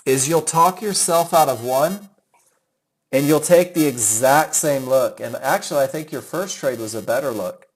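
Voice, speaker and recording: Middle-aged man, mid-pitched, enthusiastic trading instructor on a live webinar, chatty with his students. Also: normal speed, poor audio. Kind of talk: live webinar teaching, reviewing students' trades.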